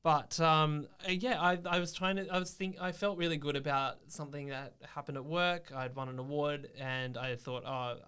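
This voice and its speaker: A man's voice: a little high, steady tone, moderate pace, few pauses, bright, forceful tone, clear, resonant tone. A man who works in digital media, a podcast guest musing in a thoughtful, reflective way. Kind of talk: casual interview chat.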